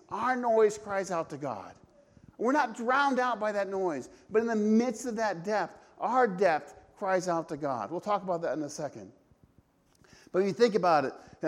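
A man's voice: high-pitched, darkish tone. A man preaching a sermon, emphatic, asking rhetorical questions and restarting his phrases often. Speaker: pastor.

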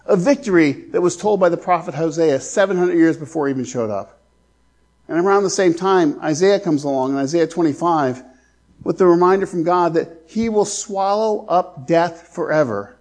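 A man preaching a sermon as pastor, earnest, slowing down to stress scripture. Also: on the high side, a little mellow.

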